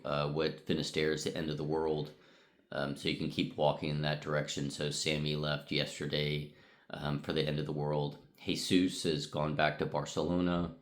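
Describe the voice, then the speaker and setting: A middle-aged man from the United States recording a casual vlog recap in his hotel room, talking in a rambling way with many ums and uhs. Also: extremely low pitch. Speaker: vlogger.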